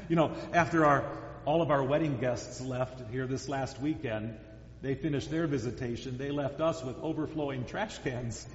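A man's voice: medium pitch, normal speed, a little hiss or hum. A male pastor preaching a sermon in an earnest, emphatic manner, often repeating himself for stress. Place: church sanctuary. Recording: echoey church hall, dull lo-fi sound.

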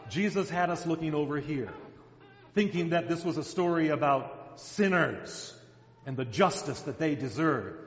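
A man preaching a sermon, telling the story dramatically and acting out the quoted lines. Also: a little high. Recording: echoey hall, dull sound.

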